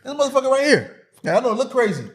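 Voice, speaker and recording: A man co-hosting a podcast, telling stories loudly in casual banter among friends. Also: very high voice, racing, breathy edge. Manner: loud, animated storytelling with frequent laughter. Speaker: podcast co-host.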